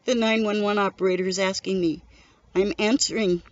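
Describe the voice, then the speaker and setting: Speaking a little fast in a medium-pitched voice, a middle-aged widow tells her story as a grieving, earnest testimony, keeping her account steady. The recording quality is dull and lo-fi.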